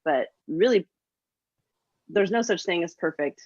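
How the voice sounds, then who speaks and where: A woman's voice: lowish voice, animated, unhurried, a little mellow, dry recording. A middle-aged woman co-hosting a casual motivational chat, upbeat and encouraging, with many fillers. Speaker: co-host. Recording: dull dry lo-fi sound.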